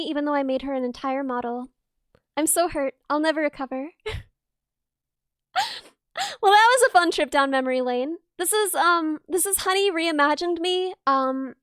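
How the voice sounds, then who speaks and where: A young woman chats casually with her stream audience in a very high, bright voice, gasping and squealing whenever a message catches her eye. She rambles through side stories in a close, dry sound with no room around her. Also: no room sound. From not Australian. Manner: excitable, gasps and squeals at chat, rambling asides. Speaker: VTuber streamer. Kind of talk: casual stream chat reading chat.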